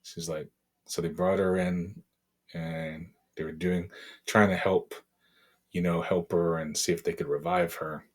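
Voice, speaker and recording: A middle-aged man from Boston, a podcast guest, telling a painful personal story in a halting, emotional way with many fillers. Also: low-pitched, flat delivery. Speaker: interview guest.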